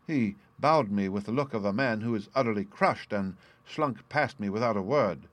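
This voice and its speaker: A man with a low voice reads a classic story aloud in the first person, steady and formal. The sound is close and dry, with no room around it. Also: moderate pace, hardly any pauses, no room sound. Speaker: audiobook narrator.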